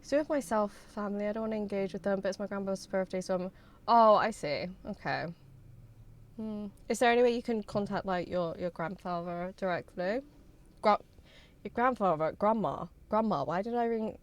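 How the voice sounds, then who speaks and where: A young woman, streaming and chatting with her viewers in an excitable, bubbly way and swearing freely. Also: medium pitch, normal speed. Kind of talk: casual livestream chat with viewers.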